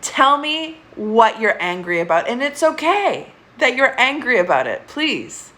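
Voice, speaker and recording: A woman's voice: on the high side, very animated, measured pace, bright, forceful tone. Woman, 30s; therapist hosting a live stream, candid and profane, keeps talking straight to her viewers. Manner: candid, swears often, urges viewers to comment.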